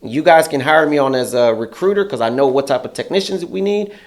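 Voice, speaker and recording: A man's voice: fairly high pitch, brisk. A man, an interview guest, telling a story in casual, profane speech and acting out other people's lines in a raised, heated voice. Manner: acts out quotes in a raised, heated voice. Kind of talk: animated storytelling.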